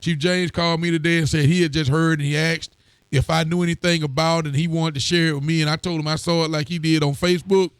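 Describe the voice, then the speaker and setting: A man's voice: a little high, little pitch movement, fast, clear, resonant tone, no echo. A man, a sheriff hosting a local show and greeting viewers by name in a friendly, casual way. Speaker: county sheriff and show host. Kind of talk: casual chat reading out viewer comments.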